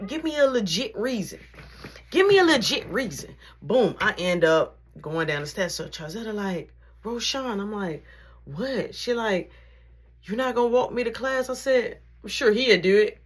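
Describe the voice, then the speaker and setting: A woman casually telling a story in slang, acting out the voices of the people in it. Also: medium pitch. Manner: animated, slangy, acts out quotes.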